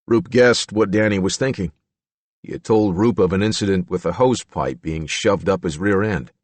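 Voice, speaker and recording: A man narrating a true-crime audiobook in a measured storytelling manner. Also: low-pitched, no echo. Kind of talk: scripted narration.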